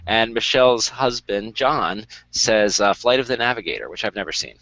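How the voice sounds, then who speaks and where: A man's voice: on the low side, lively intonation, moderate pace, sharp tone, no room sound. A man co-hosting a live online book show, casually chatting and reading out viewer comments with easy jokes. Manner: easygoing, joking, chuckles often. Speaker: podcast co-host. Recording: slightly dull lo-fi web call.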